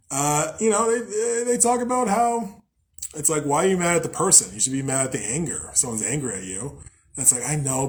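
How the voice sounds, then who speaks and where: A young man talking casually about spiritual ideas, rambling with many fillers and frequent swearing. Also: medium pitch. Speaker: host.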